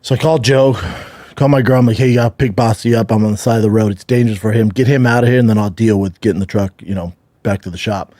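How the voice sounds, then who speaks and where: A man in his thirties from Denver, casually telling a long rambling story as a podcast host, with a husky voice and loose profane manner. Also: on the low side, fairly even intonation, quick pace, warm tone, no room sound. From Denver, USA.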